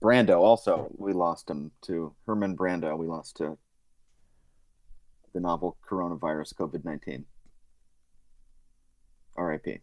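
A man's voice: sits low, steady tone, a little slow, pauses often, a little mellow, no room sound. A man co-hosting a comedy podcast, rambling through goofy jokes and laughing at his own bits. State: groggy from a nap. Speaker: podcast co-host. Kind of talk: casual comedic banter.

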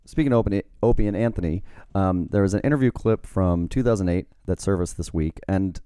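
Deep, mellow podcast man. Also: brisk, clean tone, no echo, studio quality. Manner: relaxed, wry storytelling with fillers. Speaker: podcast co-host and writer. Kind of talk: casual podcast chat.

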